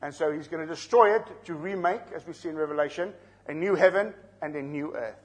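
This expository sermon comes from a South African man with a husky voice on the high side, speaking a little fast. He explains the scripture verse by verse, defines terms and asks his listeners questions.

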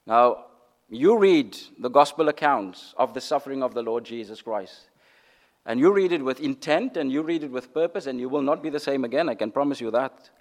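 A man preaching a sermon, swinging from loud declarations to hushed, almost whispered lines and repeating phrases for emphasis. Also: mid-range voice, lively intonation, moderate pace.

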